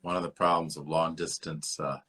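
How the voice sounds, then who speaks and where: Deep husky man musing at length. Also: little pitch movement, moderate pace, fairly bright tone. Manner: musing, lecturing, repeats himself. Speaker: podcast host. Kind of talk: rambling literary discussion.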